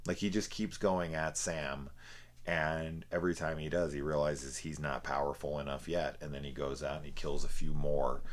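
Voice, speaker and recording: Very deep-voiced man reviewing a film. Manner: rambling, lots of fillers and laughs.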